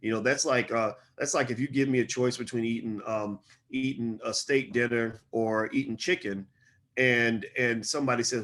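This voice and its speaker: Middle-aged guy ranting to camera, fired up, keeps repeating himself, voice climbs when he gets going. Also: moderate pace. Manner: impassioned, repeats phrases, rises in pitch when animated. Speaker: commentator. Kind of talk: solo commentary to camera.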